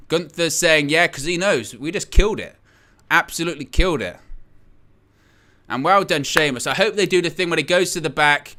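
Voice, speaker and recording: A man hosting a watch-along, giving excitable live reaction commentary and repeating his exclamations. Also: fairly high pitch, smooth.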